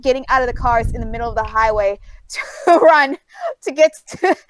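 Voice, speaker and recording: A woman's voice: a little high, normal speed, dry recording. A woman with a New York accent, telling a story in a casual chat as co-host, rambling with lots of fillers.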